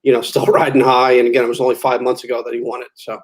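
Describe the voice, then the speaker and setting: A man co-hosting a casual sports talk show as a golf pro, relaxed and a little hesitant. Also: mid-range voice, racing, slightly rough. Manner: relaxed, hesitant, many fillers.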